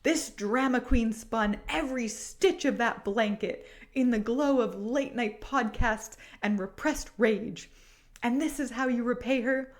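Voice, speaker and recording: A woman's voice: a little high, a little slow, natural voice. A woman voicing a stern, protective male judge who scolds in a mock-serious tone. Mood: scolding.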